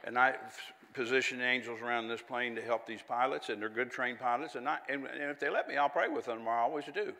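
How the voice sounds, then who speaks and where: A man's voice: mid-range voice, fast talker, few pauses, pushed and bright, long reverb tail. A man preaching a sermon in a folksy, conversational way, with chatty asides and little laughs.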